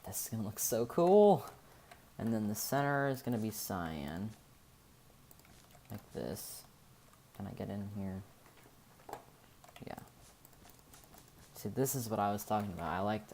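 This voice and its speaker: A man with a very deep voice narrates a casual game-building tutorial in an unhurried, rambling way, with a little hiss or hum in the audio. He thinks out loud, loses his words and circles back to correct himself.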